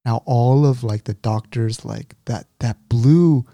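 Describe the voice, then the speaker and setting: Male podcast co-host, mellow tone, animated storyteller, dry close mic. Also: mid-range voice, takes it slowly, creaky, no room sound. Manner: animated retelling with quoted voices. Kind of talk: casual storytelling chat.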